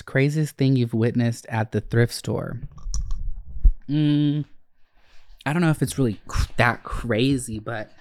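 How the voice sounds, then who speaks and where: A young man hosting a podcast, answering listener questions in a chatty, expressive way and swearing casually. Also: fairly low pitch, clean tone, no room sound, clean studio sound. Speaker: podcast host. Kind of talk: casual Q&A chat.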